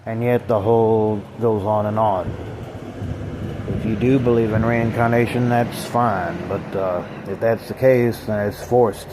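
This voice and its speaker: A man's voice: fairly low pitch, steady tone, a little slow, noisy background. A man vlogger in a rambling, profane, bitter philosophical monologue.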